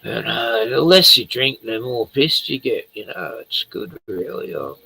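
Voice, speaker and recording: An older Australian man rambles slowly through a home livestream, tipsy from beer and swearing freely. His voice is gravelly and a little husky, with a bright, forceful edge. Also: mid-range voice, big pitch swings, dry recording, low-quality recording. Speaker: livestream host. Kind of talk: rambling casual chat.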